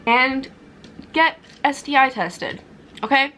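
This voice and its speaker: A woman's voice: sits high, expressive, slow, pushed and bright, slight background noise, poor audio. A young woman in her twenties chatting casually to camera at home, rambling and self-deprecating. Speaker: vlogger. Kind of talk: casual vlog chat to camera. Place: home kitchen and bedroom.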